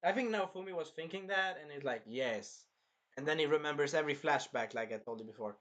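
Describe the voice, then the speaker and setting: A man co-hosting a casual review chat, excitable and breaking into shouted impressions of scenes. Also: a little high, fast. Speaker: anime review co-host.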